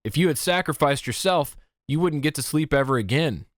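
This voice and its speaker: A man's voice: a little high, animated, a little fast, no echo, studio quality, pitched above the performer's own voice, close to an everyday voice. A man doing a blunt, pushy teen boy.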